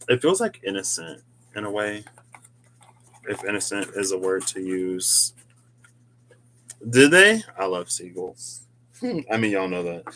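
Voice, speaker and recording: A man's voice: lowish voice, pushed and bright, rough recording. A man chatting casually through a tarot reading, rambling, laughing often and talking to himself as he goes. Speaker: tarot card reader.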